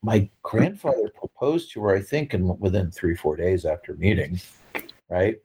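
A man's voice: low-pitched, normal speed, mellow, husky, poor audio. A middle-aged man telling family stories in casual conversation, rambling with lots of fillers and restarts and laughing at his own anecdotes. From California. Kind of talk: casual storytelling.

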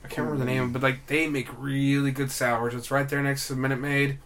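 A man's voice: mid-range voice, flat delivery, brisk, a bit bright. A man in casual chat, making dry, joking remarks.

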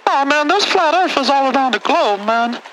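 A man's voice: extremely high pitch, lively intonation, normal speed, a bit bright, a little hiss or hum, rough recording. A man putting on a combative, swearing conspiracy-theorist caller for a comedy call-in bit. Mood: indignant. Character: brash loud-mouthed male conspiracy caller.

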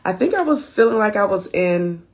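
A woman's voice: mid-range voice, very animated, normal speed. A woman hosting a live video chat, bubbly and chatty, welcoming guests and drawing out her greetings. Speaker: host. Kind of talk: casual live-stream chat.

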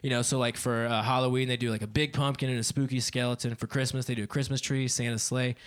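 A man's voice: medium pitch, little pitch movement, quick pace, clean tone. A man in his twenties doing a stand-up set on a club stage, often laughing at his own jokes. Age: 20s. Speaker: stand-up comedian.

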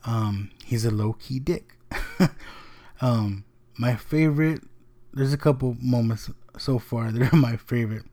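Rambling man with a mellow voice. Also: medium pitch, unhurried. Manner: rambling, many ums, swears casually. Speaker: podcast host. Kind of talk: casual solo podcast talk.

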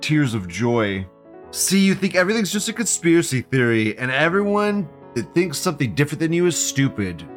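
Soft music underlies a very animated man with a slightly high voice who talks briskly. He's hosting a live commentary show in a casual way, rambling, cursing, repeating himself and laughing often.

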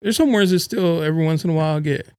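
A man's voice: on the high side, fast talker, a little mellow, clear, resonant tone, no echo. A man hosting a podcast, chatting casually and teasing with frequent laughs. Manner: joking, playful teasing, laughs often. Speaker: podcast host. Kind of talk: casual chat.

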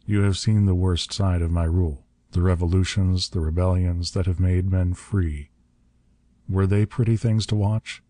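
A man voicing a frail old male tyrant who speaks mildly and benignly with quiet menace. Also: low voice, fairly even intonation, normal speed, no room sound, studio quality, close to an everyday voice. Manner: mild, benign, chuckling menace. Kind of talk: audiobook narration.

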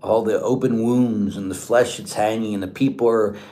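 A man, a Catholic priest, giving an informal spiritual talk in an earnest, conversational way, often sinking to a hushed voice. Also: lowish voice, steady tone, moderate pace. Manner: earnest and conversational, dropping to a hushed tone in reflective passages.

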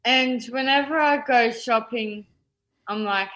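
A young woman with an Australian accent chatting as an interview guest. She talks slowly and cheerfully in short, simple phrases, with pauses as she finds her words. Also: mid-range voice, steady tone, fairly bright tone, rough recording. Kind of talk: casual interview chat.

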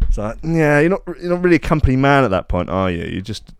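A man's voice: mid-range voice, sing-song, fairly quick, hardly any pauses, clean tone, no echo, studio quality. A man hosting a comedy podcast, rambling through sardonic asides and restarts. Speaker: podcast host. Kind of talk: casual comedic podcast monologue.

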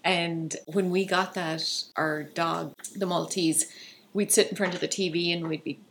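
A woman's voice: on the low side, steady tone, measured pace, a little hiss or hum. A woman from Ireland, co-hosting a casual chat about dogs and telling stories with plenty of fillers. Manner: chatty, warm storytelling with fillers.

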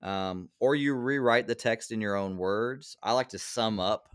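A pastor with a somewhat low voice talks on a podcast about meditating on scripture. He explains earnestly, with the easy rhythm of someone used to preaching. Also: a little slow, clear, resonant tone. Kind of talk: casual Bible study chat.

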